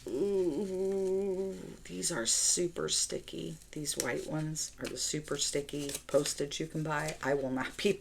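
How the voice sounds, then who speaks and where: A woman's voice: very deep voice, vocal fry, slight background noise. A middle-aged woman chatting casually as she tells a story while decorating her planner at home. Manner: chatty, animated storyteller who talks to herself while decorating. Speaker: planner vlogger.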